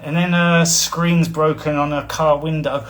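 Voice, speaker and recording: A man's voice: fairly high pitch, little pitch movement, unhurried, a bit bright. A man, a spiritual coach talking casually on a live stream, rambling and blunt, with frequent chuckles. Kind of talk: casual livestream talk.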